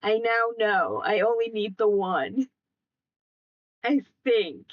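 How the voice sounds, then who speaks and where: A woman's voice: mid-range voice, lively intonation, takes it slowly, muffled recording. A young woman streaming a casual chat, giggling and breaking into laughing fits as she talks.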